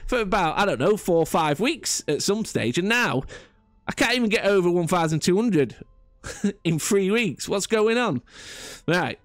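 Talking over casual gameplay, this man is a chatty, self-deprecating gaming YouTuber who keeps restarting his sentences. His high-pitched voice has lively intonation and a moderate pace, recorded with no echo.

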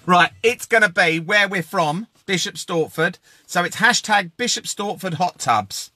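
A man's voice: high voice, animated, measured pace, no room sound, faint music behind. A man hosting a casual live-stream giveaway, joking and calling out viewers by name. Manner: jokey, chatty, shouting out viewers by name.

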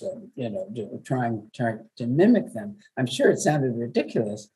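An older woman from New York, a veteran radio journalist, telling stories in a chatty, lively way as an interview guest. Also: extremely low pitch, moderate pace, hardly any pauses, husky, poor audio. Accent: New York, softened. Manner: warm, chatty storyteller with laughs. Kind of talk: webinar interview.

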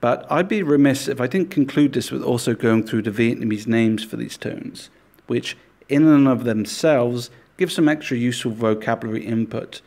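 A man teaching a language lesson, speaking deliberately and repeating example words for learners. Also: mid-range voice, a little mellow.

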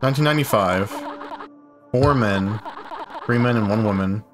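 A young man commentating a horror game as he plays, frustrated and confused, swearing often and breaking into loud startled yelps. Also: on the low side, normal speed. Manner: frustrated, swearing a lot, bursts of loud surprise. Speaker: gaming YouTuber. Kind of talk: let's play commentary. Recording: game music playing behind.

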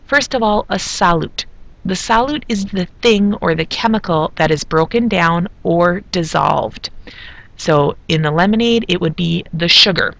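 A woman's voice: on the low side, measured pace, gravelly, fairly bright tone. A woman who is a chemistry teacher, giving a recorded video lesson in a chatty way, with asides as she explains.

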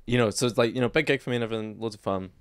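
A man's voice: lowish voice, rapid-fire, clean tone, no room sound. A man, a stand-up comedian co-hosting a podcast, chatting in a sweary, self-mocking way. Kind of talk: casual chat.

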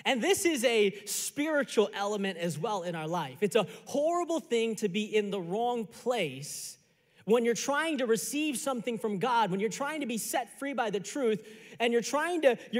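A male pastor preaching a sermon, telling a story in a lively conversational way that builds to a lesson. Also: extremely high pitch, in a large hall. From Chicago area. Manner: animated, conversational storytelling with repeated phrases. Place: church sanctuary.

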